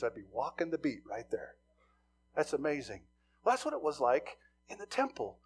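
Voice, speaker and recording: A middle-aged man from Montana preaching a sermon, telling stories with swings from hushed asides to loud emphasis. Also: a little high, very animated, normal speed, slightly rough. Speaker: pastor.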